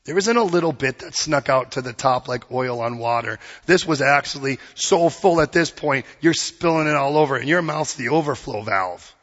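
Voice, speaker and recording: A man preaching a sermon, earnest and plain-spoken, quoting scripture and acting out quick voices. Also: medium pitch, a bit bright, long reverb tail, lo-fi sound.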